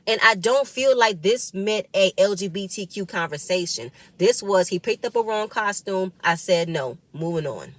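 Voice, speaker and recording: A woman recaps a reality episode in loose, emphatic chat. She repeats her words for stress and speaks at a mid pitch. Her voice sits close and dry, with no room echo. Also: animated, normal speed, few pauses. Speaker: reality show cast member recapping an episode.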